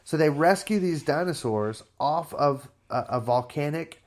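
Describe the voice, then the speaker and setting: A man's voice: fairly high pitch, a little slow. Laid-back man recapping a movie. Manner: slangy, relaxed retelling of a film plot. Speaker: podcast co-host. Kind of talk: casual chat.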